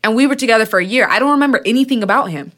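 A woman's voice: a little high, very fast, fairly bright tone. A young woman co-hosting a podcast, talking in a reflective, earnest way with frequent restarts. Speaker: podcast co-host. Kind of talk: casual chat.

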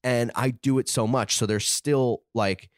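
A man who is a podcast guest, talking in an animated, profane, self-mocking casual chat. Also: medium pitch, a little slow, dry recording, studio quality.

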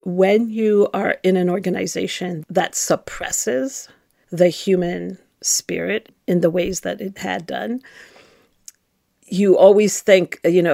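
A woman's voice: fairly low pitch, steady tone, takes it slowly, creaky, mellow, no echo, studio quality. A middle-aged woman, a former nun, telling her own story in a candid, reflective and emphatic way. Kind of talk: personal storytelling.

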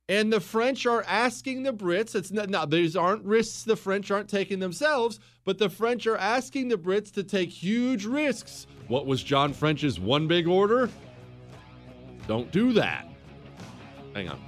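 A man's voice: high-pitched, expressive, unhurried, faint music behind. A middle-aged man hosting a history podcast, telling the story casually and acting out quoted exchanges.

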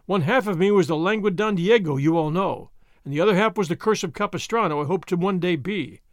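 A man's voice: high voice, brisk, no echo, studio quality, close to an everyday voice. A man voicing a courteous, wry masked swordsman who speaks with easy gallantry. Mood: reflective. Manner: courteous, wry, languid at times.

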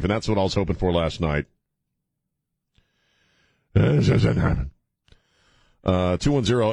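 A tired talk radio host, speaking in a very low, deep voice. He rambles bluntly and cracks jokes, stumbling through fillers and restarts. The studio microphone sound is close and dry, with no room at all. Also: dry recording. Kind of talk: casual talk radio monologue. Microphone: studio broadcast microphone.

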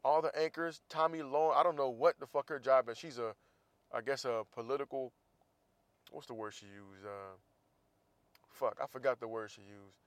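A man rants in a blunt, profane opinion monologue. His voice sits at an ordinary middle pitch. The sound is close and dry, with no room around it. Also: normal speed, clean tone, no echo. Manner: blunt, profane, heated ranting with sarcastic asides. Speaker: podcast host.

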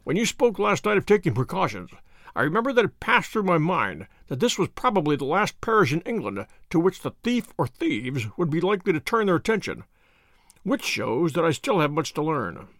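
A man voicing a cool, dry detective who speaks in a measured, thoughtful way. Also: on the high side, very animated, fairly bright tone, no echo. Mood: musing.

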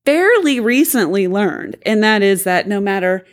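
Lively, playful woman co-host. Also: medium pitch, moderate pace. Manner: playful, laughs often, self-described fiery. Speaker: podcast co-host. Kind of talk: casual married-couple chat.

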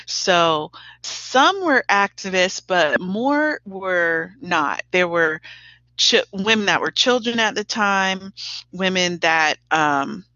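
A woman teacher and playwright speaking as an interview guest, measured and laughing often. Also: lowish voice, animated, sharp tone, dry recording. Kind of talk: conversational interview. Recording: dull dry lo-fi recording.

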